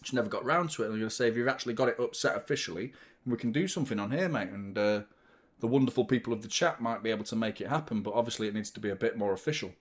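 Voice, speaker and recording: A man's voice: on the low side, rapid-fire. A man hosting a live football watchalong, commenting on the match, chatting to viewers and swearing freely. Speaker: host of a football watchalong stream.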